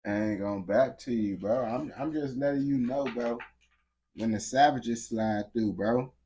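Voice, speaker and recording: A man hosting a casual livestream, speaking straight to his chat in loose street slang. His voice sounds husky and slightly rough. He sits at a mid pitch for a man and laughs his way through the banter. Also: measured pace, dark tone.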